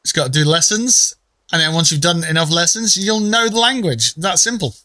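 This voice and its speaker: A man chats loosely on a game live stream, wandering from topic to topic and cursing casually. His voice sits a little high with a bright, forward edge. The sound is dry and close, with no room around it. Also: expressive, normal speed, dry recording. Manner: rambling, joking, swears casually. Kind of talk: casual live-stream chat while gaming.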